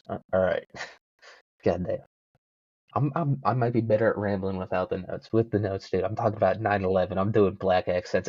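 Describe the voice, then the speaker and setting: A man's voice: sits low, moderate pace, pauses often, darkish tone, no room sound, highs cut off. A young man hosting a solo podcast, rambling casually with lots of swearing and self-mocking jokes. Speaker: podcast host.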